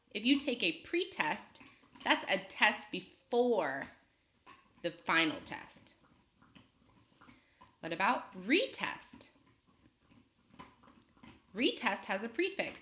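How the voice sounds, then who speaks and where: A woman teaching a phonics lesson to young children, speaking slowly and clearly and pausing for them to answer. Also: medium pitch, sharp tone, reverberant. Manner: slow, clear, patient teacher talk with pauses for students.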